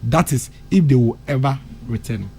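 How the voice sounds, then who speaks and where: A man's voice: medium pitch, moderate pace, creaky, darkish tone, slight background noise. A Ghanaian man with a Ghanaian accent commenting on a morning radio talk show, impassioned, switching between English and Twi and repeating phrases for emphasis. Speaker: radio discussion panelist.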